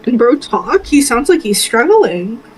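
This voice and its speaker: A woman's voice: fairly high pitch, very animated, unhurried, slightly rough, rough recording. A woman player in a tabletop game, chatting casually and giggling.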